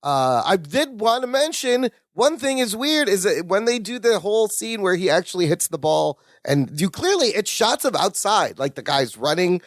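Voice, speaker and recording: A man's voice: sits high, moderate pace, hardly any pauses, no echo, clean studio sound. A man co-hosting a rewatch podcast in casual chat, retelling sitcom scenes with lots of laughter and acted-out lines. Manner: animated, laughs often, acts out scenes. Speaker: podcast co-host.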